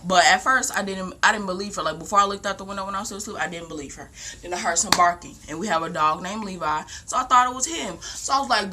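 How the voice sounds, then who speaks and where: Young woman rambling through a story, lowish voice but real bright and sharp. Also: fast, slight background noise. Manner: rambling, animated retelling with lots of "like". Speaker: vlogger. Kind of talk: casual storytelling. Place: home, indoors.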